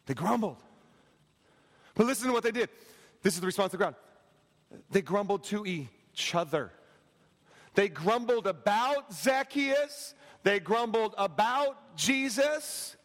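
A man preaching a sermon as pastor, animated and joking with his congregation, acting out voices. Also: high voice, measured pace, pauses often. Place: large church hall. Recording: echoey church hall.

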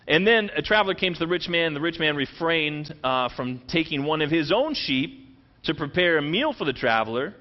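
A man preaching a sermon, retelling a scripture story in animated, conversational language and acting out the quoted lines. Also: fairly high pitch, normal speed, dull audio. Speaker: pastor.

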